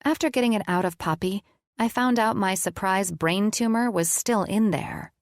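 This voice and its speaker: Gravelly, low-voiced woman narrating an audiobook. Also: no room sound, clean studio sound. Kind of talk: first-person audiobook narration.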